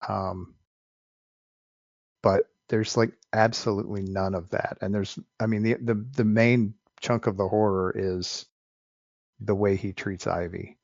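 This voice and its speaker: A man's voice: on the low side, fairly even intonation, unhurried, a little mellow, no echo, highs cut off. A man co-hosting a podcast, giving frank, opinionated views on an old film, often restarting his sentences. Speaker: podcast co-host. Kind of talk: casual film discussion.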